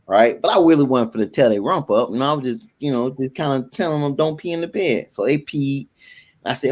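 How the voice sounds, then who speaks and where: A man on a talk show, casually telling a family story with animated laughter. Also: mid-range voice, a little fast.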